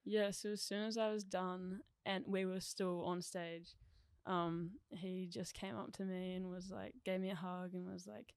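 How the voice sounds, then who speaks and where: Excitable young kiwi woman, gravelly fry, flat-ish delivery, dry close sound. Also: on the low side, unhurried, no echo. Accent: New Zealand. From New Zealand. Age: young adult. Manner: excitable, laughs often, lots of "like". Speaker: DJ, podcast guest. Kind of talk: casual chat.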